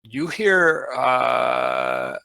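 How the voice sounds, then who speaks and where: A man's voice: mid-range voice, wildly swooping pitch, extremely slow, creaky, pushed and bright, clear, resonant tone, dry recording, exaggerated voice. A man voicing a small, wary male kobold who speaks in broken, simple phrases.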